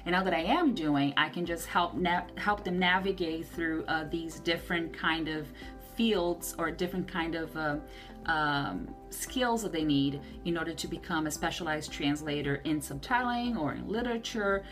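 A woman's voice: low voice, moderate pace, faint music behind. A woman hosting a podcast about translation work, telling stories in a chatty way and acting out the voices she quotes. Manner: animated storytelling, acts out quoted voices. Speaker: podcast host, translator and subtitler. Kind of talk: casual podcast talk.

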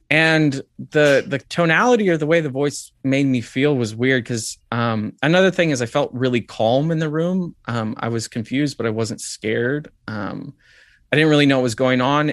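A man's voice: mid-range voice, fairly bright tone, no echo. A man as an interview guest, telling a personal story in a reflective way, with many "like"s and "um"s. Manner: reflective, lots of "like" and "um".

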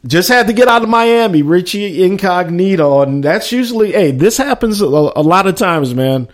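A man hosting a live sports podcast, reading out a player roster with casual asides and shout-outs. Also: a little high, big pitch swings, slow. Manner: reads out a list with running asides.

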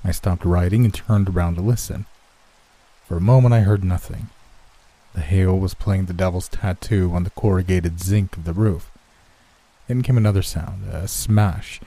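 A man narrates a classic tale in a measured, unhurried way. His voice sits low and carries a dark, mellow warmth. The reading stays even and steady from line to line. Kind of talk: scripted narration of a classic story.

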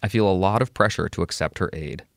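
Low-voiced man reading a letter. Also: fast, vocal fry, no echo, clean studio sound. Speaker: advice podcast co-host. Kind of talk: reading a listener letter, then casual chat.

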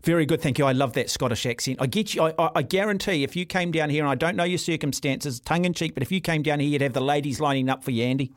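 A radio host with a brash, joking manner who trips over his words as he rushes along. His voice sits a little higher than most men's, and his speech comes fast. The sound is dry and close to the mic. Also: no echo. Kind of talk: radio interview.

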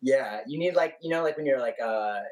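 An animated man on a podcast, chatting as a guest musician. He talks loosely, stacking fillers as he goes. He sits a little back from the mic, so his voice comes through slightly distant. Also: mid-range voice, fairly quick. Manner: animated storyteller, heavy on fillers. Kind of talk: casual chat.

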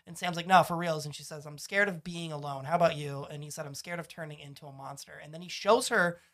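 A man's voice: fairly high pitch, fast talker, sharp tone. A man co-hosting a podcast, recapping a TV episode in casual chat, rambling and swearing as he acts out lines from the show. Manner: rambling, profane, acts out quotes with shifting voices. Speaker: podcast co-host.

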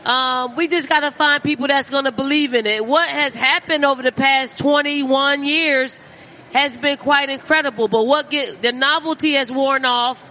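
A woman guest on a live podcast speaks earnestly, stressing her points with conviction. Her voice is very high and bright. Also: steady tone, normal speed. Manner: earnest, emphatic. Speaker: guest, former basketball player.

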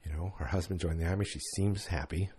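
A man's voice: low voice, quick pace, warm tone, husky. A tired man yawning through a chatty, rambling late-night recap of a TV episode, full of fillers.

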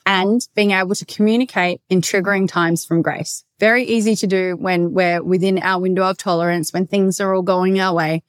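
A woman's voice: on the low side, steady tone, normal speed, hardly any pauses, no echo. Direct, emphatic woman coach. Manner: direct, emphatic, swears casually. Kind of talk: solo podcast monologue.

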